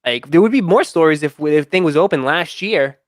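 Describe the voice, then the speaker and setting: A man's voice: on the high side, animated, a little fast, dry recording, studio quality. A man hosting a casual livestream chat, rambling with many restarts and fillers. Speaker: livestream host.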